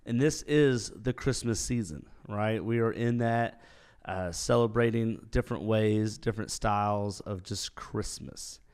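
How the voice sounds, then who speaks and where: A man's voice: fairly low pitch, measured pace, a little mellow, clean tone. A man, hosting a casual solo podcast and telling stories in a rambling, chatty way. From Dahlonega, Georgia, US. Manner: rambling, chatty storytelling with filler words. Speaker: podcast host.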